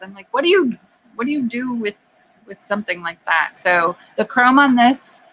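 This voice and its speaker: Bright, giggly woman chatting in a garage. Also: fairly high pitch, low-quality recording. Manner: giggly, rambling, laughs often. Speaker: co-host. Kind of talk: casual live-stream chat. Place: home garage.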